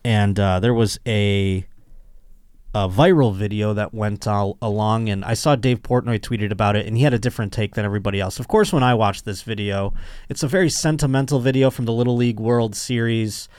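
A man's voice: lowish voice, fairly quick, a little mellow, smooth, dry recording. Crude joking man, dry close sound. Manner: crude, joking, puts on mocking voices. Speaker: podcast host. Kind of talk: casual comedic monologue.

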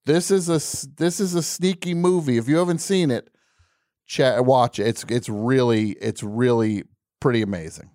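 A man's voice: mid-range voice, normal speed, warm tone, no echo, studio quality. A man hosting a podcast in a casual, jokey, rambling way. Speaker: podcast host. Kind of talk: casual chat.

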